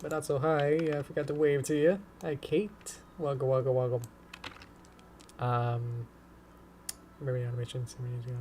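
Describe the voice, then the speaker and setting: Uomo streamer che chiacchiera mentre anima: parlato esitante, pieno di intercalari, canticchia piano; leggero rumore di fondo e tastiera. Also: male voice, mid-range voice, flat delivery, normal speed, pauses often, a little hiss or hum. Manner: rambling, hesitant, many fillers and soft humming. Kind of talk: casual live-stream chat.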